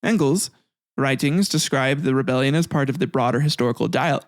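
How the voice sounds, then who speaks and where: A man's voice: mid-range voice, brisk, creaky, no echo, studio quality. A man hosting a podcast, narrating history with irreverent, profane comic asides. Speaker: podcast host.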